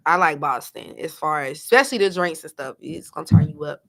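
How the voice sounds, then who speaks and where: A woman co-hosting a casual chat show, chatty and quick to restart her sentences. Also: low voice. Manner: animated, chatty, restarts a lot. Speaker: podcast co-host.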